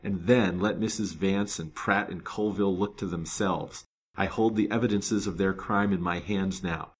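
Gallant detective, grave and resolute, read by a man, deep low voice. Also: fairly even intonation, normal speed, slight background noise, natural voice. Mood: vehement. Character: determined, gallant male detective, kind but stern. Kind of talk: storybook reading.

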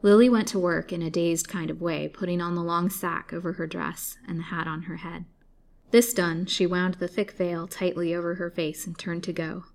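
A woman storyteller reading an old serialized novel aloud in a measured, dramatic way. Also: on the low side, level tone, gravelly, darkish tone. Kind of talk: scripted narration of a serialized novel.

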